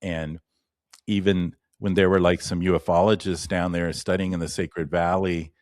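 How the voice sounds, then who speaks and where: Low-voiced man telling stories, dry sound. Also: flat delivery, moderate pace, a little mellow, no room sound. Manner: rambling, with many restarts and asides; livens up when retelling anecdotes. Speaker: shamanic practitioner guest. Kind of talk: casual interview storytelling.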